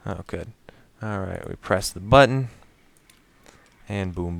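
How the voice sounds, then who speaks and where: A man's voice: sits low, slow pace, vocal fry. A man giving casual gameplay commentary while he builds, talking to himself, counting items aloud and explaining each step to his viewers.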